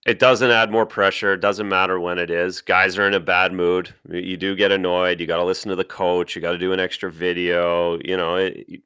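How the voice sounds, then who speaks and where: A man's voice: low voice, flat delivery, a little fast, hardly any pauses, pushed and bright, clear, resonant tone, no room sound, studio quality. A man co-hosting a sports podcast, talking in a casual way with frequent stammers and restarts. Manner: stammers and restarts, repeats words. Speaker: podcast co-host, former player.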